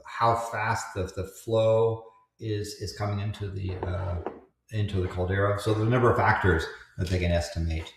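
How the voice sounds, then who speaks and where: A man's voice: fairly low pitch, steady tone, echoey room, slight background noise. A man co-hosting a casual livestream, explaining volcano measurements with lots of restarts and fillers. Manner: halting, many restarts and fillers, joking asides. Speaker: co-host explaining volcano science.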